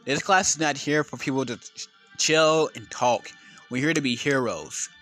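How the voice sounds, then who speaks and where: A man's voice: medium pitch, normal speed, fairly bright tone, faint music behind, natural voice. A man voicing a stern, tired adult male teacher who gives curt, lecturing orders.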